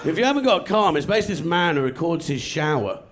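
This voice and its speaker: A man doing a stand-up comedy routine on a club stage, with a sardonic, deadpan delivery and crude jokes. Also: a little high, fast. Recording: noisy live club recording. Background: audience laughter.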